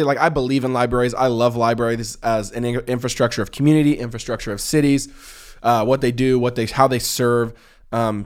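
A man co-hosting a podcast in casual chat, rambling and enthusiastic with lots of fillers and restarts. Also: mid-range voice. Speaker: podcast co-host.

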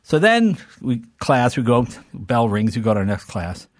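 An older man, a comedian guest, telling childhood stories in a lively way and acting out his relatives' voices. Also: medium pitch, normal speed, no room sound, studio quality. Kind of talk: animated storytelling with impressions.

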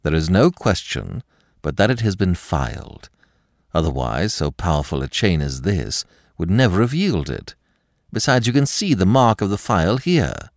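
A man playing a calm gentleman thief who speaks in a measured, grave and authoritative way, in a low voice. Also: no room sound, clean studio sound.

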